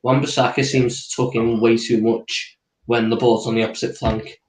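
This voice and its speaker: A man's voice: medium pitch, flat delivery, normal speed, roomy sound, low-quality recording. A man co-hosting a football stream, explaining tactics and walking through player positions. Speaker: tactics analyst co-host. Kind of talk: casual tactical breakdown.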